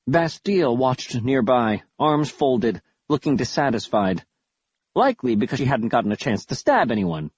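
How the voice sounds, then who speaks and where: A man reading a first-person audiobook with a wry, dramatic, lively delivery. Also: mid-range voice, moderate pace, slightly rough, dry recording. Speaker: audiobook narrator. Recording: dull lo-fi audio.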